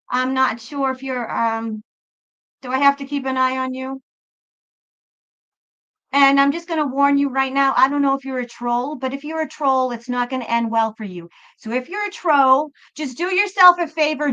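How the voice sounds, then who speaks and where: A woman's voice: high-pitched, moderate pace, pushed and bright, lo-fi sound. A woman hosting a live tarot stream, rambling chattily and talking straight to viewers in the chat.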